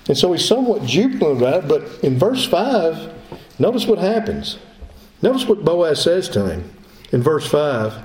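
A man's voice: fairly high pitch, sing-song, normal speed, darkish tone. Emphatic preacher man in an echoey sanctuary. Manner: emphatic preaching, repeats phrases. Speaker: pastor. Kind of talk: sermon. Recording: echoey room.

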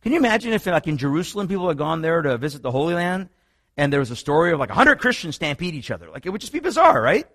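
A man preaching in a sermon-style teaching talk, telling stories with lively energy and frequent restarts. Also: racing, no echo, studio quality. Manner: animated storytelling, many restarts, rising pitch when excited. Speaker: preacher teaching on another religion.

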